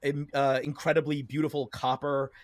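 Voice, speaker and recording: A man narrating as game master, halting with many fillers. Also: on the high side, flat delivery, no room sound.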